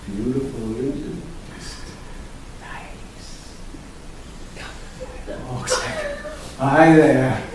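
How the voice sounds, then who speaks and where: A man coaching an improv acting class, animated and punchy, often cursing and punctuating points with "boom". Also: background noise. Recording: echoey room from far off, faint ambience.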